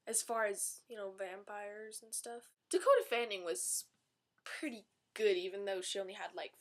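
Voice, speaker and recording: A woman giving a casual, rambling movie review vlog with a sarcastic, chatty manner. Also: mid-range voice.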